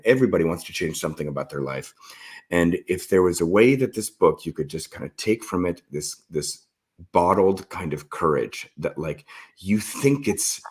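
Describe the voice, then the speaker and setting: A man's voice: low-pitched, husky. A man, the author, talking earnestly and with feeling about his novel in an interview. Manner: earnest, heartfelt and reflective.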